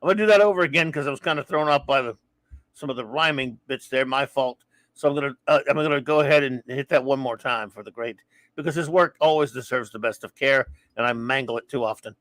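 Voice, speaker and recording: Reading listener reviews and greetings on his relaxed live stream, this male host keeps tripping over words and fixing them with quick laughs. His mid-range voice has a fairly bright tone, and there's no room sound.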